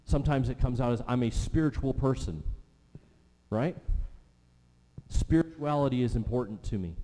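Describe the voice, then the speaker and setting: A man preaching a sermon, emphatic, repeating key phrases and slowing down to stress them. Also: medium pitch, dark tone. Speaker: pastor. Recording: long reverb of a large hall.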